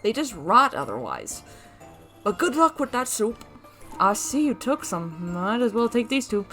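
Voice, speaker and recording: A woman's voice: a little high, very animated, a little slow, a bit bright, soft background music. Woman doing a folksy, proud farmer man. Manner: homespun, drawling speech.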